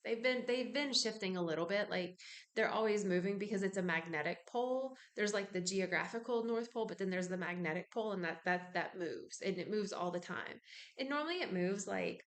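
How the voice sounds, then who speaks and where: A woman talking in a loose, wandering way about spiritual ideas, as a practitioner sharing her views with viewers. She pads her sentences with fillers and keeps drifting into asides before finding her thread again. Her voice sits in an ordinary middle pitch. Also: fairly quick. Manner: meandering, with many fillers and digressions. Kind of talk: casual spiritual musing to camera.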